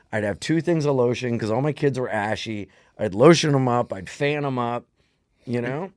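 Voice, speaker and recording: A man's voice: mid-range voice, no echo. A man co-hosting a comedy podcast, telling stories casually and acting out the voices of people in them, in a studio. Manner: animated, acts out voices in his stories.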